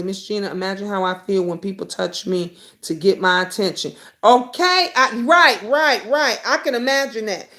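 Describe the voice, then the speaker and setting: A middle-aged woman hosting a live stream, talking bluntly and reading viewer comments aloud, with the occasional swear. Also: medium pitch. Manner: blunt and outspoken, swears freely; animated, jumps between comments and stories. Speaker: YouTube talk show host.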